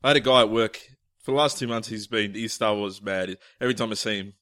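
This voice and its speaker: A man co-hosting a podcast in casual chat, joking, swearing freely and tossing in quick asides. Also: on the low side, a bit bright, no echo, clean studio sound. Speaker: podcast co-host.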